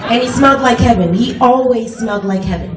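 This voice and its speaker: A woman bass player telling a story to a concert audience from the stage, laughing often as she talks, recorded from far off in an echoey venue with the crowd behind her. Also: a little fast. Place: live music venue on stage.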